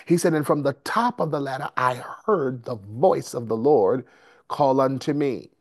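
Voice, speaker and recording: A man preaching a sermon in a slow, rhythmic cadence, repeating and building phrases. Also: medium pitch. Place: service streamed over video call and conference line.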